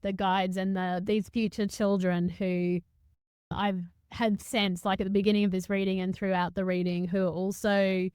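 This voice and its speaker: Smooth-voiced woman podcast host, reflective. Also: mid-range voice, flat delivery, a little mellow, no room sound, clean studio sound. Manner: halting, searching for words, lots of restarts; spiritual, reflective tone. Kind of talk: reflective conversational podcast talk.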